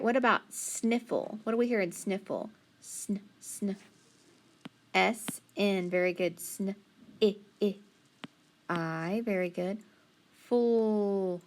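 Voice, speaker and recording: A woman teacher giving a phonics lesson, sounding out words slowly syllable by syllable and praising often. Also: medium pitch, slight background noise.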